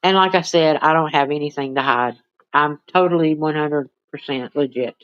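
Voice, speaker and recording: At normal speed and with a clean tone, a woman chats casually and rambles on her livestream, using a high baby voice when cooing at her pets. The phone recording is dry and lacks the high frequencies.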